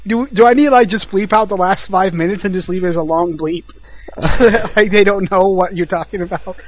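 A man's voice: high-pitched, brisk, rough recording. A young man hosting a podcast, teasing his co-host and laughing often. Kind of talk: casual chat.

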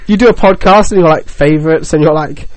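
A man's voice: fairly high pitch, fast, no room sound, poor audio. A young man co-hosting a podcast, chatting casually and joking with lots of fillers. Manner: rambling and joking, with many fillers. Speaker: podcast co-host. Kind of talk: casual chat.

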